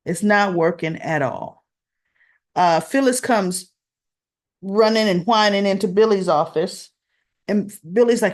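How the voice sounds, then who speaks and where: A woman's voice: medium pitch, measured pace, pauses often, a little mellow. A woman chatting casually as she retells soap opera scenes, acting out the lines with her own asides. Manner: chatty, reenacts dialogue with asides. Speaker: soap opera recap host.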